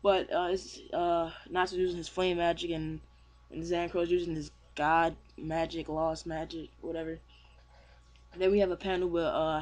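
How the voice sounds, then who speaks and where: A young man casually reviewing a manga chapter, rambling with many fillers and restarts. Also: a little high. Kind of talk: casual chat.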